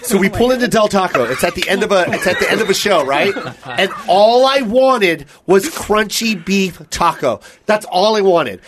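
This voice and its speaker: Animated high-voiced man telling a story. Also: moderate pace, background noise. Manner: animated, acts out friends' voices, laughs often. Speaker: podcast host. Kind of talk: casual comedic storytelling.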